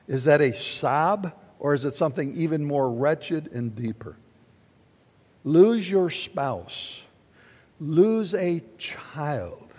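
Guy preaching a sermon, bit high voice, lots of questions to the crowd, long hall echo. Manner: animated, asks the congregation questions. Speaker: pastor.

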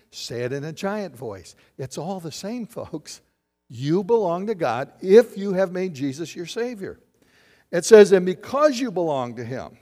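Pastor, male, high voice, slow sermon delivery, church with long reverb. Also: darkish tone. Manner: preaching with questions to the congregation. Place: church sanctuary.

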